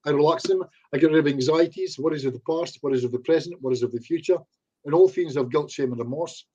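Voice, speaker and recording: The audio is dull, and the man's slightly high voice is mellow with a breathy edge, moving at a quick pace. He's a hypnotherapist guest in a casual online interview, chatty and acting out pieces of client talk as quoted-voice asides.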